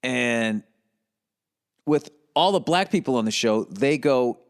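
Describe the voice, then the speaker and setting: Male podcast host, solo rambling monologue, profane and blunt, average pitch. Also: animated, takes it slowly. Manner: profane, rambling, slips into mocking voices.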